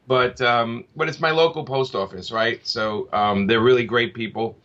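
A man's voice: medium pitch, moderate pace, fairly bright tone. A man speaking as a comic book creator in a casual interview, rambling with many restarts and fillers. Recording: slightly dull lo-fi audio.

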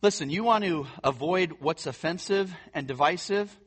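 An earnest man preaching with emphasis, his voice sitting a little high for a man. He repeats words and phrases to drive points home, speaking plainly and directly. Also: moderate pace, fairly bright tone, slightly rough. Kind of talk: sermon teaching.

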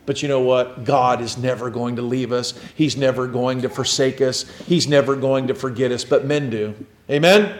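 A middle-aged man preaching a sermon as pastor, swinging between loud emphatic lines and quiet, low ones. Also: steady tone, moderate pace.

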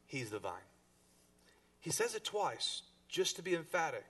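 A man preaching a sermon to his congregation, rising to stress a point and then dropping low. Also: very animated, unhurried, distant mic. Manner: preaching to a congregation, with emphatic rises and soft drops. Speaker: pastor.

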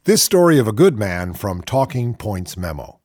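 A man's voice: fairly low pitch, sing-song, moderate pace, a little mellow, dry recording, clean studio sound. Sardonic male talk radio host. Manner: sardonic, reads news items aloud with mocking asides. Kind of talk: political talk radio commentary.

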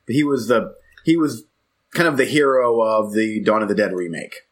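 A man's voice: lowish voice, brisk, a bit bright. A man co-hosting a casual chat about movies, rambling and restarting his sentences and laughing often. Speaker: podcast co-host.

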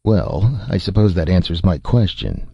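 A man's voice: deep voice, sing-song, normal speed, vocal fry, slightly rough, no echo, lo-fi sound, exaggerated voice. A man voicing a wry, resourceful male adventurer in an audiobook, with dry humor. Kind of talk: audiobook character voice.

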